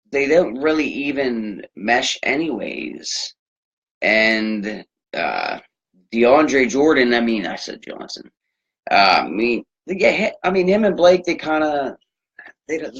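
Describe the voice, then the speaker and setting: Brief: male sports-rant host, lower voice, profane and rambling, muffled home recording. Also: a bit bright. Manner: profane, rambling, loose filler-heavy ranting. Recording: dull lo-fi recording.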